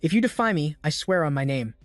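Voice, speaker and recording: A man's voice: fairly high pitch, lively intonation, quick pace, no echo, studio quality, faint music behind, close to an everyday voice. A man voicing a furious, domineering male king who gives threatening commands.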